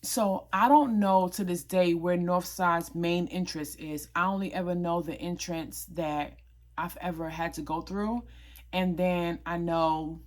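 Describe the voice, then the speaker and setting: Casual vlogger, young woman, slightly low voice, animated and emphatic storyteller. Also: unhurried. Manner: animated, emphatic retelling with quoted dialogue.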